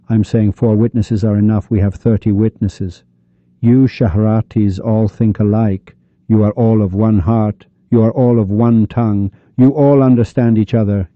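A man's voice: fairly low pitch, no echo, natural voice. A man telling of an indignant plaintiff scolding a judge. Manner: scolding, accusing. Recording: dull lo-fi recording.

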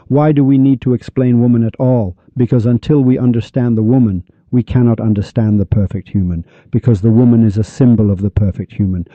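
Male podcast host, preachy rhetorical monologue, dry muffled mic, mid-pitched voice. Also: dry recording. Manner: preachy, rhetorical, mock-shouting quoted crowds.

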